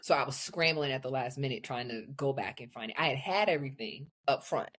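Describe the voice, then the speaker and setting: Profane, blunt woman podcast co-host. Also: fast. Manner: blunt and profane, swings into excited high bursts. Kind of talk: casual chat.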